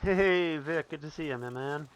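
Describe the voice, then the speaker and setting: A man's voice: on the high side, moderate pace, dull audio. A man from Northern Canada, chatting with his viewers as he streams a survival game. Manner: chatty, answering chat while playing. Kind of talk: live gameplay commentary.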